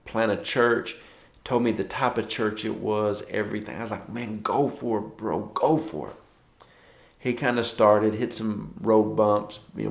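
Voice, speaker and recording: Man, pastor, gravelly, low-pitched, conversational storytelling, echoey room. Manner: conversational, storytelling with quoted dialogue. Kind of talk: morning devotional talk.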